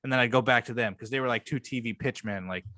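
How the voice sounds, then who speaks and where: A man co-hosting a casual podcast, rambling with profane enthusiasm as he retells favorite moments. His voice sits at an ordinary middle pitch, and the close mic leaves it dry and free of room sound. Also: fast, sharp tone, no room sound. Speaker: podcast co-host. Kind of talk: casual chat.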